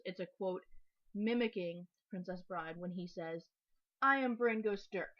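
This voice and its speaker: Young woman gushing through a comic recap, chatty w lots of likes and restarts, kinda dull lo-fi sound. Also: fairly low pitch. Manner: chatty and enthusiastic, with fillers and restarts. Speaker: fan recapping comic updates. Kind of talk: casual spoken recap.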